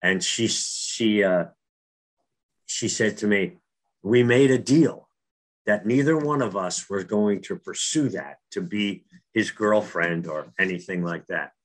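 A man's voice: on the low side, slow. A middle-aged man from New Jersey telling a personal faith story in casual, earnest talk, with frequent restarts. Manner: earnest, repeats words and restarts.

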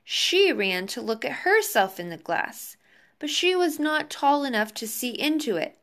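A woman teacher reading a children's book aloud to her class over a video call, slow and expressive. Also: high-pitched. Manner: slow, expressive, warm sign-off to pupils.

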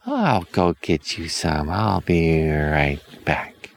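A man voicing a sly old woman who may be a witch, speaking in a slow, drawn-out, falsely sweet way. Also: low-pitched, sing-song, creaky, heavily acted. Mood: sugary.

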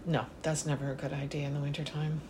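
A woman's voice: low-pitched, level tone, fast, a little mellow, a little hiss or hum, rough recording. A woman in casual conversation, talking emphatically and running through long lists of examples. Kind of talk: casual chat.

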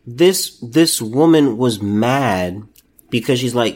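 A male podcast host delivers solo commentary in an incredulous, ranting way. His pitch swings widely as he talks, and he restarts his sentences over and over. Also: expressive, slow, a little mellow.

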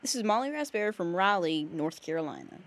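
Playful man with a slightly high voice. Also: sing-song, fast talker, fairly bright tone. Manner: playful, joking. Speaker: film commentary participant. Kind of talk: casual chat.

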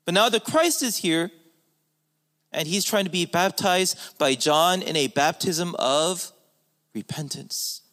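A man's voice: sits high, animated, takes it slowly, a bit bright. A man preaching a sermon as a pastor, emphatic, with his voice rising and falling for stress.

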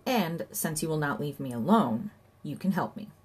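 A woman's voice: low-pitched, lively intonation, moderate pace, slightly rough. A woman doing a frantic, insistent grown man. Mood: earnest. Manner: earnest, insistent, frantic when shouting. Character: anxious, stubborn grown man, easily agitated.

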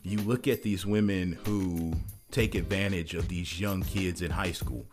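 A man's voice: deep voice, measured pace, darkish tone, soft background music. A man talking in an earnest, emphatic monologue, often repeating words as he pushes his point. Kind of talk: casual monologue.

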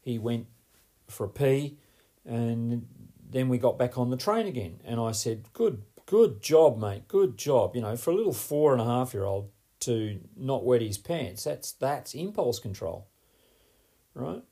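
A man's voice: medium pitch, expressive, a little slow, vocal fry, dark tone. A man hosting a solo podcast as a performance coach, talking in an emphatic, rambling way and often tagging on "right?".

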